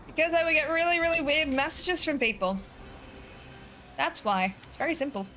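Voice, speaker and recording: A woman's voice: high-pitched, lively intonation, moderate pace, bright, forceful tone, a little hiss or hum. A young woman streaming a game, chatting casually, giggling often and reading chat aloud.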